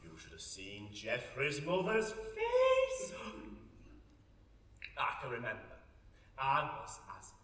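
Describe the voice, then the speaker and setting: A man's voice: medium pitch, wildly swooping pitch, slow, long pauses, fairly bright tone, exaggerated voice. A man playing a bawdy, gossipy older Sheffield housewife with a Yorkshire accent, chatting in a comic monologue on stage in a large hall. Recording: echoey hall from far off.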